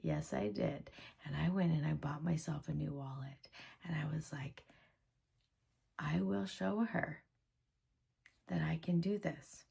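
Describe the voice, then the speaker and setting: Woman, thirties, low voice, gravelly fry, casual vlog storytelling, laughs often, slips into whispers. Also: unhurried, pauses often. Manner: animated, laughing, drops into whispers for inner thoughts. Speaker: vlogger telling her story.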